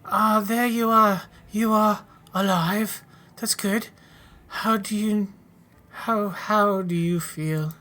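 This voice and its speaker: A man plays a hurt pioneer mother with a British accent, comforting and brave even while bleeding. Her voice sits higher than his usual one and stays soft and earnest. It is spoken over a video game. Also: slow pace, full character voice. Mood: soothing. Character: wounded frontier mother, British-accented, tender.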